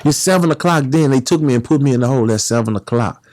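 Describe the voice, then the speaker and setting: A man, a guest, telling stories in a casual, animated way and acting out the other people's voices. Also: mid-range voice, fast, no echo. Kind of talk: casual storytelling.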